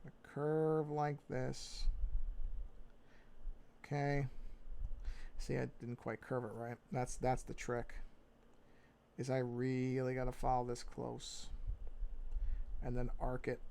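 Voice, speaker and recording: A man's voice: mid-range voice, level tone, takes it slowly, vocal fry, long pauses, warm tone, slight background noise. A man with a New York accent thinking aloud and humming to himself as he narrates his drawing on a casual live stream.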